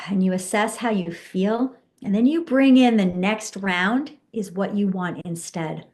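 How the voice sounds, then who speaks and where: A woman coach guests on a podcast and talks at a middle pitch. She explains a tapping routine step by step and speaks affirmations in a slow, soothing way. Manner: calm, instructive, soothing affirmations. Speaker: guest, empowerment coach and hypnotist. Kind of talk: podcast interview, guiding a tapping exercise.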